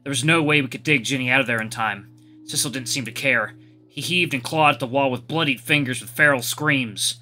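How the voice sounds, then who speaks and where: A man's voice: medium pitch, brisk, sharp tone, faint music behind. A man hosting a let's play, chatting upbeat to viewers and reading a visual novel's narration aloud. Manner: chatty, upbeat, reacts with curses.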